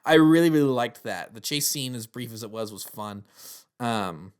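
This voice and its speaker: A man's voice: mid-range voice, expressive, normal speed, clear, resonant tone. Rambling, earnest male reviewer. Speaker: TV series reviewer. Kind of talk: casual spoken review.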